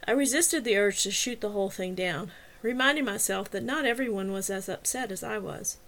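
A woman narrating a first-person novel as an audiobook in a clear, even storytelling manner. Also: on the high side, fairly quick.

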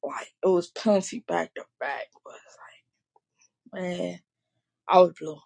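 A woman with a fairly low, darkish voice and vocal fry speaks at a measured pace while hosting her podcast. She rambles casually about sports, full of fillers and self-corrections, restarting often and apologizing for swearing.

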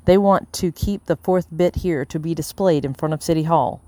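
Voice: mid-range voice, normal speed, dry recording, natural voice. Reader voicing a cold, scheming colonial mayor. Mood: persuasive. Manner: calm, coldly persuasive. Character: scheming colonial-era male city mayor. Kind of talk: audiobook character reading.

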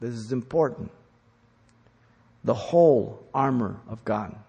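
Gravelly emphatic man preaching in a hall. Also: mid-range voice, takes it slowly, lo-fi sound. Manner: emphatic, rising to loud commands. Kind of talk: sermon. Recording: long hall reverb.

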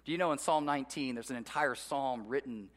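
A man preaching a sermon to his congregation, animated, with rhetorical questions and swings between soft low tones and loud emphatic peaks. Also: a little fast. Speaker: pastor.

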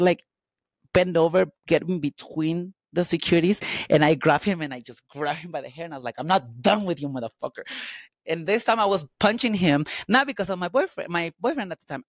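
A woman telling candid personal stories as an interview guest, lively and quick to act out the dialogue. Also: on the low side, dry recording. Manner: animated, acts out dialogue in quotes.

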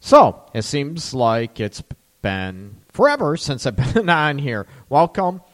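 A man's voice: mid-range voice, sing-song, slow pace. A middle-aged man hosting a call-in radio talk show from his counseling office, tired and loose, with lots of fillers. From Michigan. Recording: long hall reverb.

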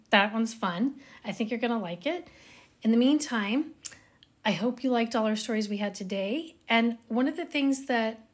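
A woman co-hosting a podcast, telling a story in a relaxed, reflective chat and often trailing off softly. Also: mid-range voice. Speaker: podcast co-host.

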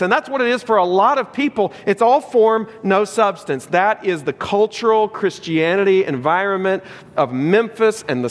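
A high-pitched man preaching from the pulpit, hammering his points home with repetition and questions to the congregation. His voice rings through a reverberant church hall. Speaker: pastor. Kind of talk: sermon.

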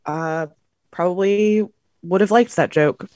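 A woman's voice: lowish voice, slow pace, a little mellow, a little hiss or hum. A woman co-hosting a podcast, chatting casually about a movie, giggling and trailing off mid-thought. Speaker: podcast co-host. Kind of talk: casual movie review chat.

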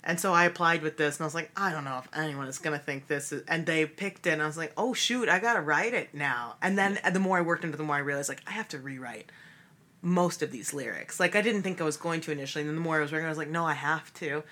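Chatting fast in an interview, this stage actress and cabaret creator has a low voice that sounds pushed and bright. She laughs a lot and fills her speech with fillers in a casual, musical-theatre-performer way.

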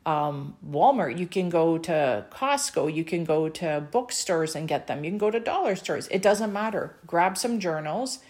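A middle-aged woman from Canada telling a personal story with deep emotion, earnest and encouraging, her mouth dry. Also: animated, unhurried, few pauses, darkish tone. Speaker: author and speaker sharing a personal story.

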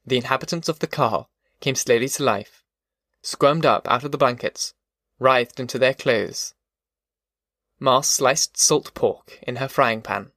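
A man reading a novel aloud in measured, descriptive narration. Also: medium pitch, sharp tone, dry recording, studio quality. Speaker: audiobook narrator. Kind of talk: scripted narration.

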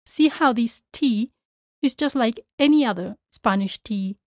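Slow, careful woman teaching pronunciation. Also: a little high, no room sound, studio quality. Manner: careful, deliberate word-by-word pronunciation drills. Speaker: Spanish teacher and podcast host. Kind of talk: slow, clearly spoken language lesson.

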